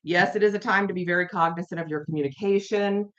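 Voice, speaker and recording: A woman's voice: on the low side, fast, a bit bright. A woman hosting a casual live-stream tarot reading from home, chatty and rambling, repeating herself and talking to viewers in chat. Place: her home. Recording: dull lo-fi audio.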